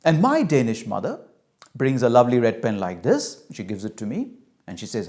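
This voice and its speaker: Animated man teaching by story. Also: medium pitch, normal speed. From India. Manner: animated, acts out dialogue. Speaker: cultural intelligence trainer. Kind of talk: storytelling lecture.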